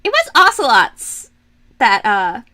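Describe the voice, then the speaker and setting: A young woman rambles to her stream as she draws, mocking herself and giggling between thoughts. Her bright, high voice leaps around in pitch, and she takes her time with her words. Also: wildly swooping pitch, takes it slowly. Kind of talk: casual livestream chat while drawing.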